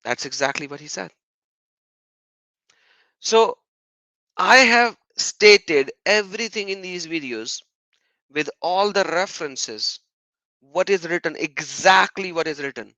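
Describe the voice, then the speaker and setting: A man talks straight to his viewers in an emphatic, insistent way, circling back to the same points and firing off rhetorical questions. His voice is bright and forceful, and the recording is close and dry. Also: high-pitched, lively intonation, slow pace, long pauses, no room sound, low-quality recording. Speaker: YouTuber responding to comments. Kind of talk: monologue commentary vlog.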